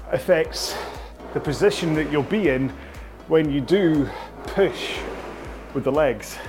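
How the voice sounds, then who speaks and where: A Scottish man coaching rowing technique, patient and explaining while he demonstrates on a rowing machine. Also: a little high. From Scotland. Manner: patient, explaining, checks in with "okay?". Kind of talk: instructional workout video. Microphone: on a rowing machine, talking while demonstrating.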